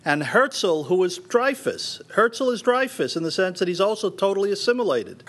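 A man's voice: high-pitched, very animated, moderate pace, fairly bright tone. A man giving a lecture in an emphatic way, repeating phrases for stress and addressing the audience directly. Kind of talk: university lecture.

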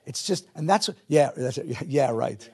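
Husky-voiced man teaching a lively class. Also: on the high side, moderate pace. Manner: animated, questions the audience, drops Hebrew and Yiddish words. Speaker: teacher of a Jewish text class. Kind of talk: lively teaching to a live audience.

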